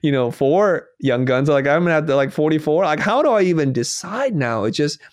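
A man's voice: fairly high pitch, animated, a little fast, no room sound, clean studio sound. A man being interviewed who talks earnestly, telling stories and quoting himself and others as he reflects. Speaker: guest.

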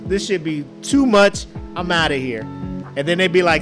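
A man co-hosting a podcast in casual chat, telling profane, animated stories and acting out the dialogue. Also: fairly high pitch, normal speed, music in the background. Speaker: podcast co-host.

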